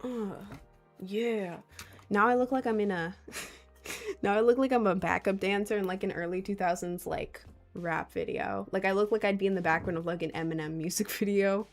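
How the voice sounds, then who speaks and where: A woman's voice: mid-range voice, fairly even intonation, moderate pace, soft background music. A young woman livestreaming, chatting casually and reading out viewers' comments with frequent laughs. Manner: rambling and giggly, reading out chat.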